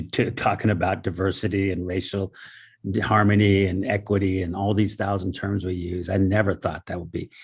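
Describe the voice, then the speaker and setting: A man's voice: deep voice, a little mellow, husky. A man talking earnestly in a casual, storytelling way, often repeating and stumbling over his words. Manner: earnest, repeats himself, stammers. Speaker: host and guest speaker. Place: Los Angeles area home. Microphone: video call.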